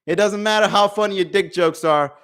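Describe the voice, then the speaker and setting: A man hosts a live comedy podcast from home, talking into a desk mic. His voice sits a little high for a man, and he swears freely while calling out chat viewers by name. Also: fairly quick. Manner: profane, animated, talks to chat viewers. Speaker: podcast host. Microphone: desk microphone.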